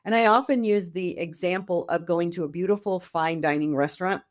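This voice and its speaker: A woman's voice: fairly low pitch, a little fast. A middle-aged woman speaking as a podcast guest, talking casually and with enthusiasm, often acting out quoted voices. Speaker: podcast guest, wealth mentor. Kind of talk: casual conversational interview.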